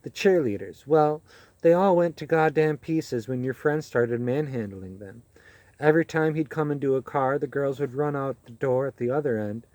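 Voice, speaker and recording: Brief: a man playing a jaded male reporter, gruff and matter-of-fact, mellow timbre, dry recording. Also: mid-range voice, moderate pace, no echo, close to an everyday voice. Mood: gossiping. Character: weary, cynical male campaign reporter.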